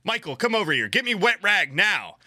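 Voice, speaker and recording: A man voicing a frantic female flight attendant, with a shrill, shouting delivery. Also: sing-song, moderate pace, no room sound, clean studio sound. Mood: panicked. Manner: shrill, high-pitched and shouting.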